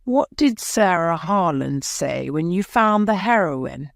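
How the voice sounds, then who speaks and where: A woman's voice: fairly low pitch, expressive, takes it slowly, creaky, no echo, clean studio sound, full character voice. A woman voicing a male defence lawyer who questions a witness firmly. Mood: probing. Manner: firm, probing questions.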